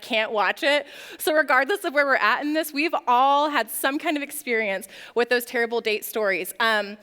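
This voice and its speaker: A young woman with a high, sharp voice gives a casual talk to a church youth group. She tells stories in a chatty style packed with "like" fillers, and the hall adds a long reverb.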